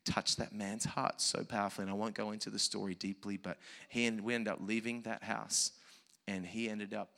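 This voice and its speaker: Male preacher, bright-toned storyteller, very animated, drops to near hush then surges loud. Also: on the low side, a little fast, creaky. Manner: animated, swings from hushed asides to shouted peaks. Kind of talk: sermon storytelling.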